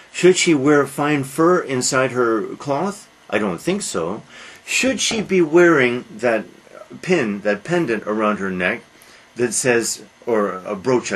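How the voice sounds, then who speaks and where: Slow, husky male literature lecturer. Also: medium pitch, poor audio. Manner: rhetorical questions answered with a flat no, frequent uhs. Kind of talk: classroom lecture.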